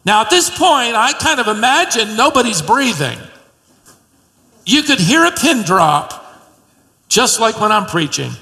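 A man's voice: extremely high pitch, big pitch swings, a little slow, long pauses, pushed and bright. A man preaching a sermon, telling the story with animation and acting out the quoted lines. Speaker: pastor. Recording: long hall reverb.

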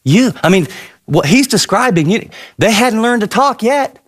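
A middle-aged pastor delivering a sermon. He tells stories animatedly, jumping up and down in pitch and speeding up in bursts. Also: normal speed. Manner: animated storytelling, sudden pitch swings.

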